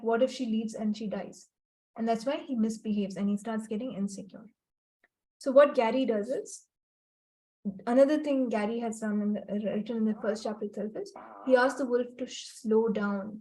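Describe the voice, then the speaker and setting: A woman's voice: a little high, warm tone, rough recording. A middle-aged woman leading a group call as facilitator, teaching earnestly, repeating her points and acting out quoted lines. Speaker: facilitator of a healing book club call.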